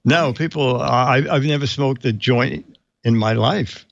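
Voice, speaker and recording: A man hosting an interview, chatty and quick to answer with short agreements. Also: medium pitch, creaky, a bit bright, no room sound. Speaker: host. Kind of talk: casual interview chat. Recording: dull lo-fi recording.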